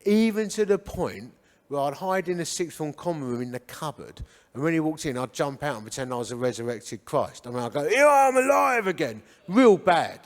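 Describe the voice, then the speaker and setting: This man from Hornchurch, England speaks fairly quickly in a slightly high, expressive voice with a darkish tone. As a guest speaker in an echoey church hall, he recounts his life humorously, performing the dialogue.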